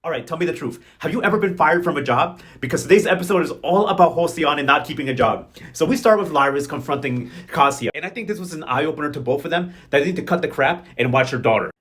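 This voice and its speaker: A man's voice: on the high side, fast talker, few pauses, fairly bright tone. A man recapping a soap opera in casual, sassy commentary, full of slang and mocking impressions of the characters. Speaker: host.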